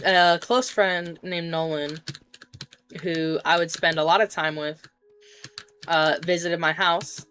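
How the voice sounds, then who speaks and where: A woman's voice: low-pitched, fairly bright tone. A woman streamer casually telling a rambling story while gaming, swearing and tossing in jokey asides. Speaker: game streamer. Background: keyboard typing and clicks.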